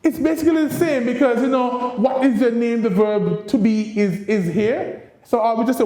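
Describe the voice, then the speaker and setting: A man speaks with a high, mellow voice, giving a university lecture. He coaxes his listeners like a schoolteacher, and the room adds a roomy echo. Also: moderate pace. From Saint Kitts and Nevis. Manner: lively teacherly delivery, coaxing the audience to repeat phrases. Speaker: ambassador giving a guest lecture.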